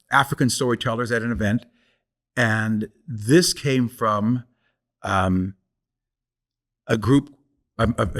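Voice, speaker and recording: An older man telling traditional stories aloud, with a rhythmic, repeating cadence. His voice sits mid-range and he slows down and leans on key words for effect. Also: mid-range voice, a bit bright. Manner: rhythmic, repetitive storytelling cadence. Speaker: guest storyteller. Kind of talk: oral storytelling.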